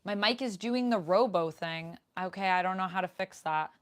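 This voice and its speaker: A young woman with a slightly low voice hosts a relaxed live Q&A from a room at home. She talks into a desk microphone in a chatty way and reads her viewers' comments aloud. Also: normal speed. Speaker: streamer. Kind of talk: casual live Q&A chat.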